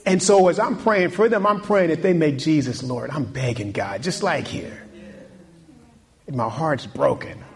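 A man with a fairly high voice preaches a sermon at an unhurried pace. He repeats his key points with rising intensity, puts questions to the congregation, and calls out amen.

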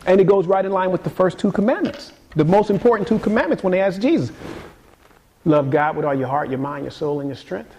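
Emphatic preaching man, fairly high voice. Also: brisk. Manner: dynamic preaching, swings between quiet and emphatic; casual conversational delivery with repeated words. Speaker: pastor. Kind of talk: sermon.

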